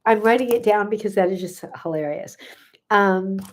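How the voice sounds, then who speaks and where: A woman's voice: mid-range voice, moderate pace. An older woman, a gut health coach, chatting casually on a live stream, answering viewer questions with frequent fillers and laughter.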